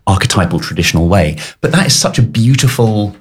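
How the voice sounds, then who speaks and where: A man's voice: on the low side, animated, brisk, slightly rough. A man chatting casually about his photography work, enthusiastic, with stammering restarts. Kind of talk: casual chat.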